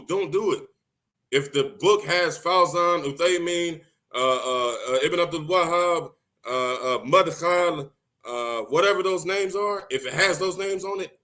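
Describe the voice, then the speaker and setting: A man talking loudly and excitedly in a solo monologue, often repeating himself for emphasis. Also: fairly high pitch. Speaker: video host giving religious advice. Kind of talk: impassioned solo monologue to camera.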